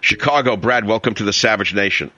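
A man's voice: on the low side, brisk, sharp tone, no room sound, highs cut off. A middle-aged man with a New York accent hosting a talk radio show, brash and mocking, full of sarcasm.

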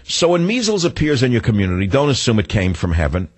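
A man's voice: mid-range voice, huge pitch swings, fast talker, husky, dry recording. An older man hosting a talk radio show, delivering a rambling, sarcastic monologue with frequent restarts and self-corrections.

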